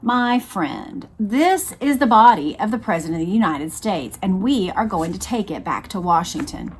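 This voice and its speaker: Firm male federal agent, slow deliberate drawl, unbudging, read by a woman. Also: medium pitch, animated, slight background noise, close to an everyday voice. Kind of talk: read-aloud book dialogue.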